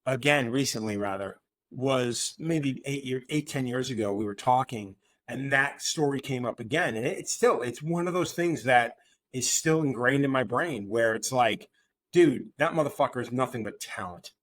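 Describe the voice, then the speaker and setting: A man who is a tattoo artist, telling excited, profane stories in a casual conversation over a remote call. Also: medium pitch, moderate pace, no echo. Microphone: remote call mic.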